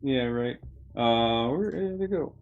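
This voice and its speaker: A man narrating as game master of a tabletop game, halting and restarting often. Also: medium pitch, expressive, gravelly, lo-fi sound.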